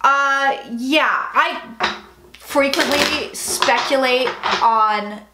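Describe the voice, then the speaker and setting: Speaking very slowly in a high voice, a young woman runs a relaxed tarot livestream as a psychic host. She's talkative and blunt, dropping swear words and reading viewers' comments aloud, recorded in an echoey space with faint noise.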